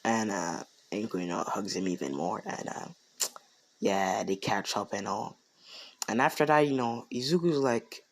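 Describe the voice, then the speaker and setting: A man improvising a fan story narration, slow and hesitant, full of ums and you-knows. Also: fairly low pitch. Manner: slow, hesitant, lots of fillers.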